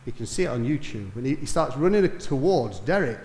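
A man's voice: mid-range voice, very animated, brisk. Preacher man in an echoey hall. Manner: storytelling, rising to emphatic peaks then dropping soft. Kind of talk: sermon.

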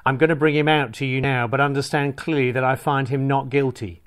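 A stern, uneasy Roman governor, as a male scripture reader puts him on, pressing his questions in a slightly raised voice. He sounds like a man reading aloud in church, just a little brighter and more forceful than his own narrating voice. The delivery stays measured and plain. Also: medium pitch, steady tone, close to an everyday voice. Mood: questioning.

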